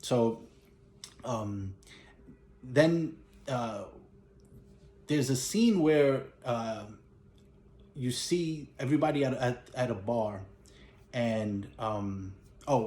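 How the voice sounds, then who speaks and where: A man's voice: mid-range voice, a little mellow, roomy sound. A man casually recapping a movie plot in a rambling way, with lots of "you know" and "he's like". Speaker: movie collector recapping a film.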